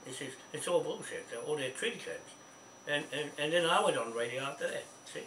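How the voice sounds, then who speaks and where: A man's voice: fairly high pitch, animated, fairly quick, fairly bright tone. A man with a New Zealand accent talking in a rambling, insistent way on a call, with many restarts and repeated words, often asking "see?". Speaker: speaker on a phone call. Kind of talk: rambling phone chat. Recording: echoey, distant, faint hiss.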